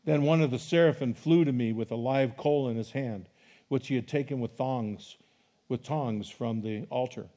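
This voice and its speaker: A man's voice: mid-range voice, moderate pace. A middle-aged man preaching a sermon as a pastor, reading scripture with rising emphasis and chatting to the congregation between passages. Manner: animated preaching, rising loud on scripture quotes.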